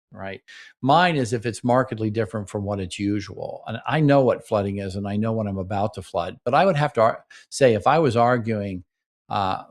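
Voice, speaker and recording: A man hosting a relationship show, explaining to couples in an instructional talk and checking in with "okay?" and "right?". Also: fairly low pitch. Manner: coaching, frequent "okay?" and "right?" check-ins. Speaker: relationship therapist and podcast host.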